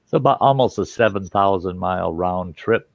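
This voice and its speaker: A man with a northern US accent hosts the chat in a lowish, unhurried voice. He talks in long, meandering stretches. The sound is a bit dull, like an online call. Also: vocal fry, no echo. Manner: rambling, relaxed storyteller. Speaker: host. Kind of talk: casual group chat.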